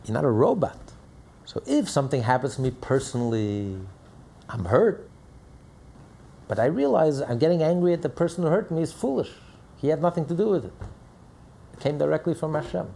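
A man's voice: a little high, sing-song, fairly quick, creaky, long pauses, mellow, husky. A man teaching a religious lesson in an emphatic manner, with rhetorical questions and repeated phrases. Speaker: Torah teacher.

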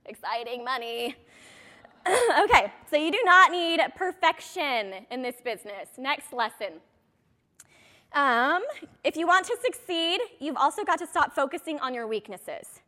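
Woman, 30s, high-voiced direct sales coach, rambling and self-deprecating. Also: animated, measured pace, bright, forceful tone. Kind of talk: motivational talk to an audience.

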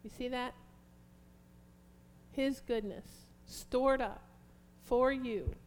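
A woman preaching with a high voice, reading scripture and praying aloud. She speaks slowly and emphatically, leaning into each phrase with fervent conviction. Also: steady tone. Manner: fervent, prayerful, slow and emphatic.

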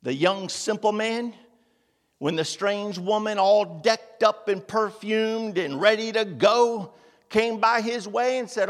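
A man's voice: high-pitched, slow pace. A man preaching a sermon to a congregation, asking rhetorical questions and calling on listeners by name. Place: meeting room with congregation. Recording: long hall reverb.

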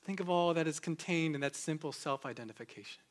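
A man pastor preaching a sermon, swinging between loud emphatic peaks and hushed low passages. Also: quick pace.

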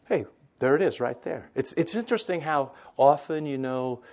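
A man's voice: on the high side, animated, moderate pace, a little mellow. A man giving an informal scripture lesson, chatty and conversational, retelling the story in everyday modern language and often checking in with "right?". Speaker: Bible teacher.

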